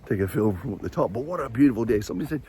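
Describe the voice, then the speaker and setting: A man's voice: medium pitch, animated, rapid-fire, warm tone, a little hiss or hum. A man vlogging outdoors while climbing stairs, a little short of breath, chatting in a rambling way and chuckling often as he reflects on faith. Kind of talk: casual walking vlog with faith reflections.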